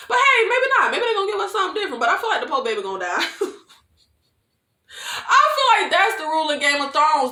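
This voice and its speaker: A woman giving a casual, animated TV recap, slangy and laughing often. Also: sits high, roomy sound. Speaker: show recap reviewer.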